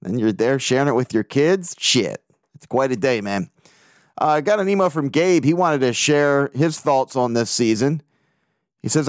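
This is a man talking through his own sports podcast, excitable and quick to swear as he relives big games and reads out emails from listeners. His voice sits at an ordinary middle pitch. The sound is dry and close, with no room around it. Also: dry recording. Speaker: podcast host. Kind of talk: casual podcast monologue.

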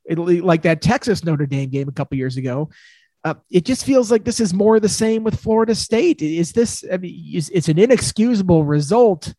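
A man co-hosting a casual college football talk show, reacting with lively disbelief. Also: sits high, moderate pace, dry recording. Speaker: co-host, college football reporter.

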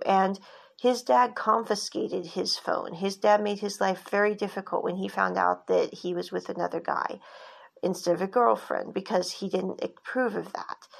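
A woman's voice: medium pitch, vocal fry. A woman hosting a podcast, casually recapping a drama series with rambling, self-correcting asides.

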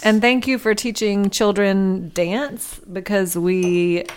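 A woman's voice: mid-range voice, fairly even intonation, slow, darkish tone, clear, resonant tone, faint music behind. Wry joking woman podcast co-host. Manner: wry, joking, playful asides. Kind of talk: casual chat.

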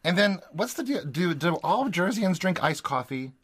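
A man co-hosting a podcast, recapping reality TV scenes in casual, animated chat. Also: high-pitched, moderate pace, breathy edge, dry recording. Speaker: podcast co-host.

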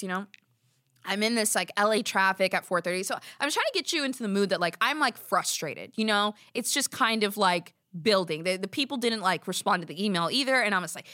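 A woman's voice: mid-range voice, lively intonation, fast talker, bright, forceful tone, no room sound, clean studio sound. A young adult woman, hosting a podcast and telling a story in a chatty, exasperated way full of "like"s. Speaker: podcast host. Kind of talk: casual storytelling.

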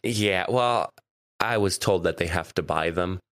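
A man's voice: low-pitched, a little slow, no room sound, studio quality. Stuffy-nosed man chatting on a podcast. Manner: chatty, laughs often, animated storytelling. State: stuffy nose. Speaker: podcast co-host. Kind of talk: casual chat.

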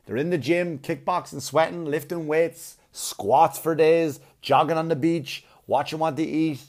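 A man's voice: a little high, unhurried, a little mellow. A man on a blunt, profane comic rant, arguing and mocking as he goes. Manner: blunt, swearing, argumentative, mocking.

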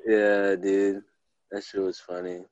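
A man co-hosting a casual podcast, relaxed and rambling, laughing often. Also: low-pitched, slow, no room sound. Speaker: podcast co-host. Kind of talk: casual chat. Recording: dull, slightly lo-fi sound.

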